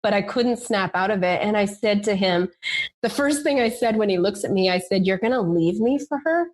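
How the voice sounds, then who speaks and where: A woman's voice: medium pitch, normal speed. Candid woman telling a personal story. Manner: emotional, candid, lots of "like" fillers.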